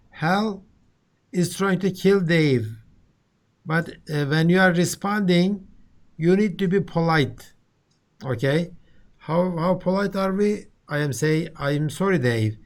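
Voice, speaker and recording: A man with a Turkish accent giving a university lecture, who often checks in with "okay?" and "right?" and restarts his words. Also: a little high. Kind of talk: classroom lecture.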